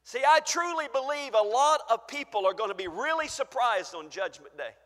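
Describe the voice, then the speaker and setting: A man pastor preaching a sermon in a church, shifting from quiet low asides to loud, shouted acted-out pleas. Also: animated, normal speed. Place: church sanctuary. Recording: church sanctuary with long reverb.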